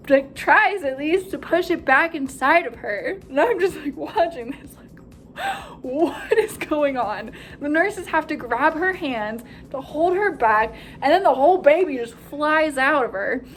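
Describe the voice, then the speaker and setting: A young woman, a nursing student, excitedly retelling a hospital story in a casual vlog, full of "like" and acted-out quotes. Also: sits high, a little hiss or hum. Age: young adult. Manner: animated, breathless retelling with frequent "like" and quoted voices.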